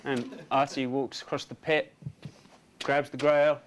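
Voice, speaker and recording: A man pitching a storyboard, narrating action lively with sound effects and character voices. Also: unhurried, slight background noise. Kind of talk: storyboard pitch, acting out scenes.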